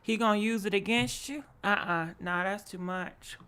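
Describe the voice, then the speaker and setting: A woman hosts a gossip commentary with a blunt, sassy edge. She keeps turning to her viewers to ask what they think. Her voice is bright and forceful. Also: mid-range voice, moderate pace, smooth. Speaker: commentary host.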